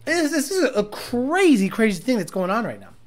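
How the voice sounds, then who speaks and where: A man's voice: very high-pitched, big pitch swings, moderate pace. A man chatting casually on a livestream, rambling and crude, often laughing and repeating words as he stalls. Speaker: streamer reading chat.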